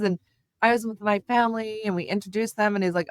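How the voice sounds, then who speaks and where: Woman guest, middle-aged, animated storytelling, lots of fillers, dry recording. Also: mid-range voice, fast, no room sound. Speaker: guest, communications executive. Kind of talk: casual interview chat.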